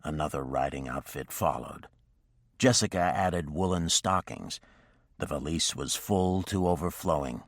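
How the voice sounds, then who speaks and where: A male narrator with a very deep voice reads a historical romance in a measured, even way. The recording is close and dry, with no room sound at all. His steady reading keeps the story moving. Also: dry recording. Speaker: audiobook narrator. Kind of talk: scripted audiobook narration.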